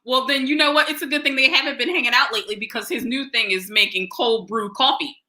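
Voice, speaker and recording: Bright, playful woman co-host. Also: a little high, fast talker. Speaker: podcast co-host asking the questions. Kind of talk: casual chat.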